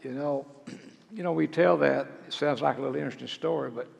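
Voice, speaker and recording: Gravelly older male preacher. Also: a little high, a little fast. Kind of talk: sermon. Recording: long hall reverb.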